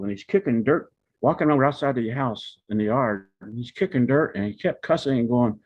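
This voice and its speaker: An older man, the family elder, tells rambling, meandering personal stories to his relatives. His voice is medium-pitched and a little fast, and the recording has a dull lo-fi sound.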